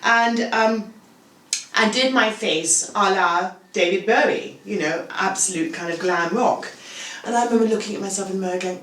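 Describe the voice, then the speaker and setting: Woman, sixties, animated storyteller, roomy distant sound, faint background hum. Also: medium pitch, normal speed. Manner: animated anecdotal storytelling, full of asides like "you know" and "okay?". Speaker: make-up artist guest. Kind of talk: casual chat. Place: home bathroom.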